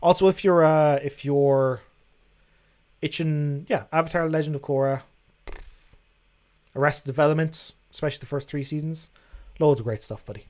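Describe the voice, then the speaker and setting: A man's voice: on the high side, normal speed, long pauses, darkish tone. A young man hosting a casual livestream, reading out viewer questions and answering them in a frank, chatty way that includes casual swearing. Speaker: livestream host.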